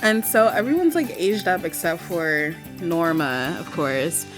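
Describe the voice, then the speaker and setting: A woman giving casual, rambling commentary while playing a life-sim game, animated and easily flustered. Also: on the low side, unhurried, music in the background. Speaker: gaming video host.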